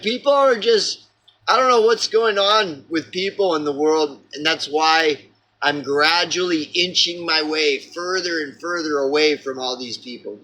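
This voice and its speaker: Oklahoma man vlogging a rambling, exasperated rant; slightly high, tense and forceful. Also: moderate pace, poor audio. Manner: exasperated, profane, full of fillers and restarts.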